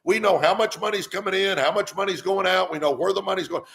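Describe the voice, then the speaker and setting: A man's voice: sits high, fast talker, gravelly, a bit bright. A middle-aged man, hosting a live stream and preaching money advice in a fired-up way that keeps repeating "come on". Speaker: host.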